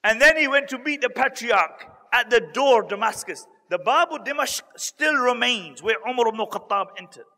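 High-voiced man preaching with hall reverb. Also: expressive, bright, forceful tone. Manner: earnest, dramatic retelling with emotional pauses. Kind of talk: storytelling sermon.

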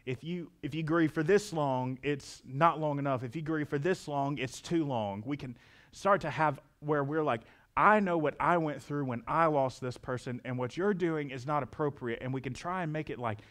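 Guy pastor preaching, reads the bible bits then talks it through real earnest, voice a bit on the high side. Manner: earnest, reads scripture then explains it conversationally. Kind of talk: sermon.

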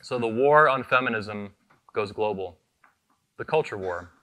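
This man's voice sits on the low side, expressive and sharp, and he speaks a little slowly. Founder of the convention, he gives a fiery keynote on stage into a microphone, combative and profane, hammering short phrases repeatedly.

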